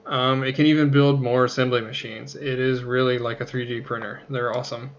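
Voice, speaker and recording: A man's voice: mid-range voice, little pitch movement, fairly quick, lo-fi sound. A man casually talking through a game tutorial, rambling, joking at his own expense and swearing now and then. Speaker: let's play host.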